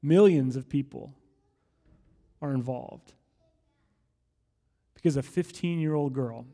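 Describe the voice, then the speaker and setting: A man in his thirties preaching a sermon as a pastor, energetic and conversational with animated asides. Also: medium pitch, takes it slowly, gravelly, big-room sound. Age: 30s.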